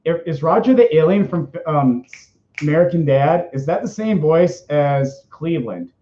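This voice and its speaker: A man's voice: a little high, lively intonation, normal speed, dark tone, slight background noise. A man hosting a casual question-and-answer chat, rambling and breaking off mid-thought. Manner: rambling, self-interrupting, chatty. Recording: dull lo-fi sound.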